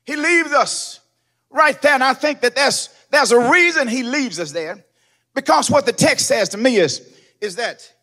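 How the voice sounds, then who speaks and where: Male pastor, high husky tenor, sing-song whooping sermon delivery. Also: bright, forceful tone. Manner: preaching with sung, whooping cadence. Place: church sanctuary.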